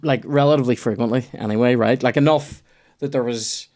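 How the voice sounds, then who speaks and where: A young man, hosting a comedy podcast and telling a story in a profane, animated way. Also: medium pitch, brisk. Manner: profane, animated, puts on voices in quoted dialogue.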